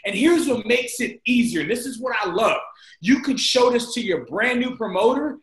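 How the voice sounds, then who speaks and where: A man giving an energetic, repetitive motivational team training talk on a group video call, often calling his listeners "guys". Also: very high-pitched, normal speed, reverberant, low-quality recording.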